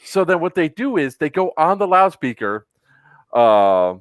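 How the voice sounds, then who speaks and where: A man hosting a casual podcast chat, telling a long story in an animated, exasperated and profane way. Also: on the high side, unhurried, no room sound. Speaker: podcast host.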